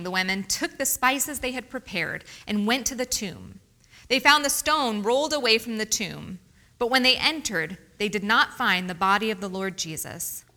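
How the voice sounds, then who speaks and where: Woman giving a sermon, kinda high bright voice, reads scripture, asks the room questions, echoey hall. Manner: expressive, asks the congregation questions. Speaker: preacher. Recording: reverberant hall.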